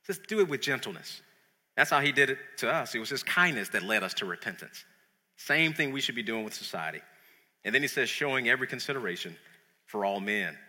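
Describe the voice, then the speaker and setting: A man preaching a sermon in an animated, conversational way, often repeating words as he builds a point. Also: medium pitch, big-room sound.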